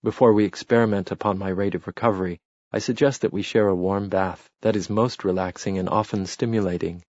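A man reading the lines of a worldly English gentleman who explains things carefully and in a measured way. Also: fairly low pitch, steady tone, no echo, muffled recording, lightly acted. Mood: calm.

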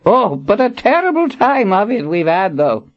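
A man voicing a frail, excitable old male wizard with a thin, squeaky voice. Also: normal speed, highs cut off. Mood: fussy excited.

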